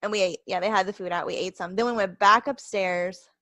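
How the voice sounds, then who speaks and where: A woman's voice: mid-range voice, steady tone, brisk, bright, forceful tone, dry recording. A woman co-hosting a podcast in casual chat, recounting events in a rambling way, quoting herself and laughing often. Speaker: podcast co-host.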